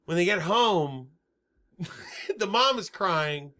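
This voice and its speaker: A man co-hosting a podcast, recapping a movie in casual comedic chat, animated and swearing, acting out the characters' lines. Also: high voice, slow. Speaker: podcast co-host.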